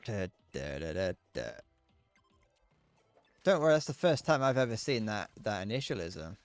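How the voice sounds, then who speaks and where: A man's voice: on the low side, sing-song, normal speed, no echo, faint music behind. A man chatting casually while streaming a game, rambling, swearing, and stammering through restarts. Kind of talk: casual live-stream chat while gaming.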